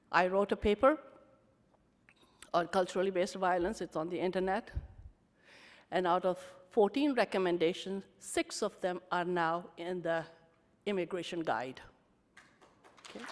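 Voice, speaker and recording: A middle-aged woman giving a candid, animated storytelling talk at a conference. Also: mid-range voice. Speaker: conference speaker. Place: conference hall. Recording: reverberant hall.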